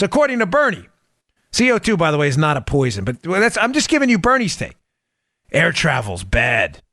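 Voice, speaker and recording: Animated bright-voiced male political host. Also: sits high, dry recording, studio quality. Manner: animated, mocking quoted voices, quick asides. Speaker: podcast host. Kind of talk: political talk show monologue.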